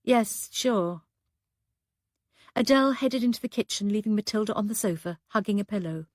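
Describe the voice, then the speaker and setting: In a dry, close-to-the-mic recording, a mid-range female voice tells a story for an audiobook. Her manner stays calm, measured, and even throughout.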